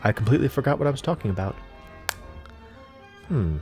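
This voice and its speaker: A man's voice: medium pitch, lively intonation, brisk, a little mellow, soft background music. Rambling, forgetful man narrating gameplay. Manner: rambling, forgetful, many fillers. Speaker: let's play host. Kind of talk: casual gameplay commentary.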